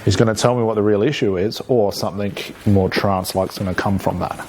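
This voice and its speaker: A man's voice: lowish voice, quick pace, a little hiss or hum. Man coaching a workshop. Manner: energetic, coaching, with frequent checks like "okay?". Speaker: hypnosis trainer. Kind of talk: live workshop teaching. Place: training room with an audience.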